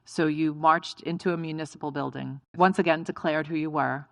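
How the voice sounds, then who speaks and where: A woman host leads a live on-stage interview with encouraging questions. Her voice is low and gravelly with vocal fry, and the sound is dry and close. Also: steady tone, a little fast, no echo. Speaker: podcast host.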